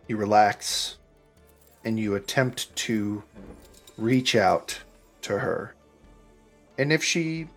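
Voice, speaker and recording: A man narrating a tabletop game as game master, relaxed and a bit hesitant, with frequent restarts. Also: on the low side.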